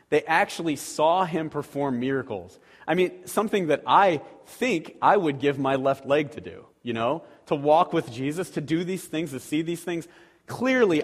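A man preaching a sermon as a pastor, talking conversationally with rhetorical questions to the congregation. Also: mid-range voice. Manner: acts out quoted voices animatedly. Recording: long reverb of a large hall.

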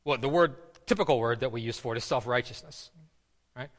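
A man with a mid-range voice preaches a sermon at a brisk clip, keeping it casual and conversational, often repeating words and leaning on fillers. The recording carries the long reverb of a hall.

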